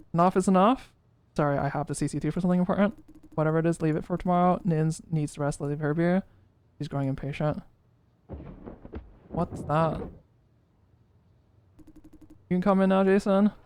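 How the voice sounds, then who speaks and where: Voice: mid-range voice, normal speed, pauses often, a little mellow, clear, resonant tone. A game streamer reading a story game's dialogue aloud during a playthrough, giving each character's lines their own emphasis. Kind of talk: voicing visual novel dialogue in a playthrough.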